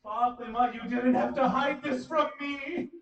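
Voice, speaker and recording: Man, very high voice, impassioned sermon, hushed then crying out, chanted supplications, distant mic, muffled sound. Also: steady tone, unhurried, gravelly. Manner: impassioned, swings from hushed storytelling to cries. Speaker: preacher. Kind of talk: emotional sermon. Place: community center hall. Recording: echoey hall, distant dull mic.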